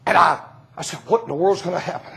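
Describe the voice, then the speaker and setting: A man preaches a sermon in a fairly high, creaky voice, speaking fast. He tells stories with a lot of laughter, laughing through his lines and swinging between shouted climaxes and hushed retellings.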